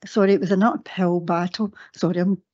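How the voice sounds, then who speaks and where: An older woman with a Scottish accent tells her story in a mellow, warm voice, chatty and quick to laugh at herself. She often stops to correct her own words. The sound is a dull, lo-fi recording of a council meeting. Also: on the low side, fairly even intonation. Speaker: guest speaker at a council meeting. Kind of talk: personal reminiscence speech. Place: council chamber.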